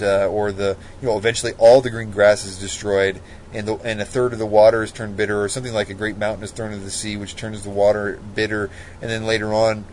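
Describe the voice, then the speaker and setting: A man's voice: fairly low pitch, a little hiss or hum, low-quality recording. A man giving an informal Bible study, talking things through conversationally and reading scripture passages aloud. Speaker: Bible teacher.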